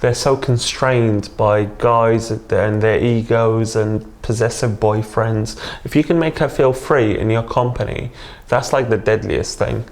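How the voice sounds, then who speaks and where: Male guest, low-ish voice, easygoing and earnest, chatty interview. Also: fairly even intonation, a little slow. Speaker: dating coach guest. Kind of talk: casual interview.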